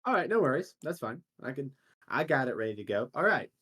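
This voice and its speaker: A man narrating as dungeon master, unhurried and laughing easily, with fillers between descriptions. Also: mid-range voice, very animated, fairly bright tone, husky. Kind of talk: narrating a tabletop game.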